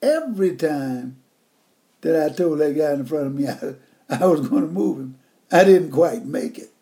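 A man near eighty, preaching a folksy, emphatic sermon that swings between loud and hushed. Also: fairly high pitch, animated, measured pace. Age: older.

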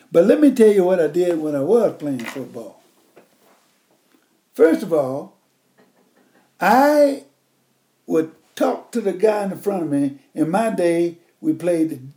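An elderly preacher delivers a sermon in a raised, high voice with a warm, mellow tone. He talks slowly and folksily, leaning hard on words and dropping to a hush. His delivery is unhurried and plain-spoken. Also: big pitch swings. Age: older. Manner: folksy, emphatic, swings between loud and hushed.

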